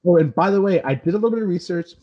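A man's voice: high voice, expressive, rapid-fire, dark tone, lo-fi sound. A man with a Californian accent hosting a podcast, joking and rambling casually. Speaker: podcast host.

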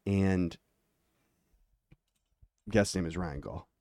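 A man hosting a podcast interview, joking around and tossing in quick interjections. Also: low-pitched, a little mellow, no room sound, studio quality. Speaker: podcast host. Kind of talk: casual interview chat.

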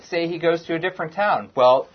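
A man's voice: a little high, brisk. A man in a casual group discussion, reasoning a point out step by step. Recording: dull lo-fi sound.

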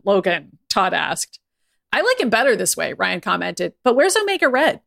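A woman's voice: mid-range voice, very animated, normal speed, vocal fry, fairly bright tone. A woman co-hosting a podcast, reading a silly fan story aloud with playful laughter. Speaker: podcast co-host. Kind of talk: comedic reading of fan fiction.

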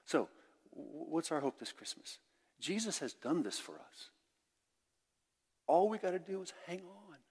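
An older man preaching a sermon as pastor, candid and conversational, swinging between loud and hushed. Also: fairly high pitch, sing-song, unhurried, long pauses, slightly rough. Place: church sanctuary. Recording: long church reverb.

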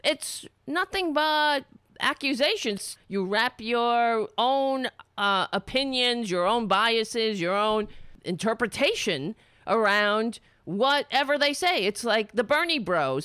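A woman's voice: on the high side, expressive, slow, a bit bright, clean tone, no echo, clean studio sound. A woman giving an angry, profane commentary on a played clip, sarcastic and mocking. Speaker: political commentator.

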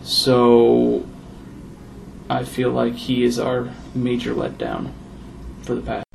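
Gravelly man stating stats. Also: medium pitch, completely flat delivery, slow, a little mellow, a little hiss or hum. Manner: dry, matter-of-fact with stats. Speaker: podcast co-host. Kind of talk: casual sports chat.

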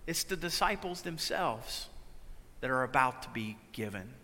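A man preaching a sermon, swinging between loud, urgent lines and hushed, quiet ones. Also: medium pitch, expressive, a little slow, long reverb tail. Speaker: pastor.

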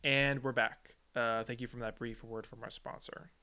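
A man's voice: mid-range voice, flat delivery, moderate pace, pushed and bright. A man co-hosting a casual film podcast, joking and laughing often with his co-host.

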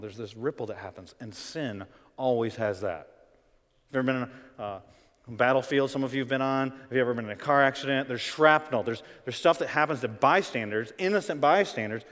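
Pastor, male, mid-pitched voice, delivering an animated sermon that rises to loud emphasis; recorded in a big hall with long reverb. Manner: swings from soft to loud, animated preaching.

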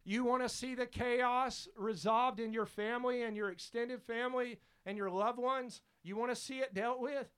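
A man's voice: very high voice, fairly even intonation, moderate pace, hardly any pauses, fairly bright tone, clean tone. A man preaching a sermon as pastor, fervent and emphatic, repeating his exhortations.

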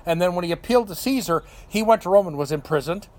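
A man's voice: sits high, expressive, fast talker, a little mellow. An older man preaching a Bible teaching sermon in a conversational way, often asking "okay?" and correcting himself mid-phrase. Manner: conversational, frequent "okay?" check-ins and self-corrections. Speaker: pastor.

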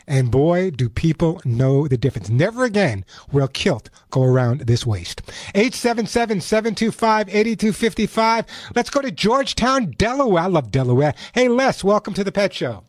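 A man's voice: high-pitched, sing-song, normal speed, no room sound. A man hosting a call-in radio show on pets, chatting, telling stories and giving step-by-step advice. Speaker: radio show host, pet expert. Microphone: studio microphone.

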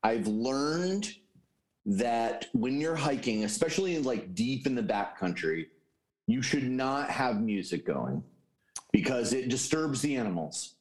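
Man, casual chat, opinionated and profane, lively intonation. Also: mid-range voice, unhurried.

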